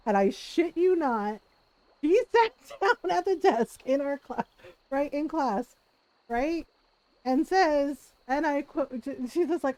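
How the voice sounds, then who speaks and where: A woman's voice: high-pitched, measured pace, dry recording, poor audio. A woman streamer telling a casual story to her chat, laughing often and acting out what people said. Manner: animated, laughs often, acts out quoted voices.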